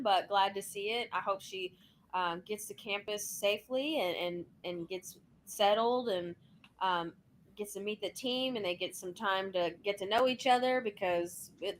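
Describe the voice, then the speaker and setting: A woman's voice: mid-range voice, moderate pace, a little hiss or hum. Woman rambling through sports chat. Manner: rambling, hesitant with many ums. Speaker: podcast co-host.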